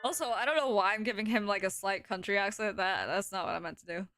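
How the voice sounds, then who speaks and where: A woman's voice: medium pitch, fast, a bit bright, no echo, clean studio sound, faint music behind. A woman streaming a visual novel, reading the protagonist and chatting casually between lines. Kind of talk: live visual novel playthrough.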